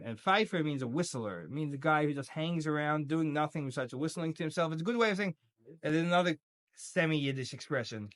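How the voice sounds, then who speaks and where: A man teaching a casual religious lesson, with lots of jokes and stories acted out in voices. His voice is fairly high and swings widely. The sound is dry and close. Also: dry recording. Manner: animated, jokey, acts out voices. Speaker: Torah teacher.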